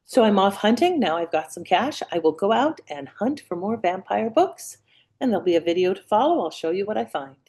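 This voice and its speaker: A woman's voice: mid-range voice, very animated, a little fast, darkish tone, rough recording. A woman vlogging at home in a casual, rambling storytelling style, with lots of fillers and restarts. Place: at home, indoors.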